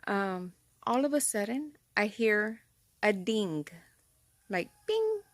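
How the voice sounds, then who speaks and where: A woman vlogger telling a story straight to her viewers from inside a car, rambling and excitable. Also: medium pitch, slow pace, no echo. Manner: talks straight to viewers, rambling and excitable, says "freaking" a lot. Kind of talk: casual chatty storytelling to camera.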